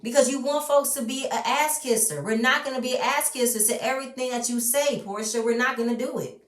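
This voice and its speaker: A woman's voice: fairly high pitch, a little fast. A woman ranting bluntly and with strong opinions while recapping a reality show, swearing freely. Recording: roomy, mic at a distance.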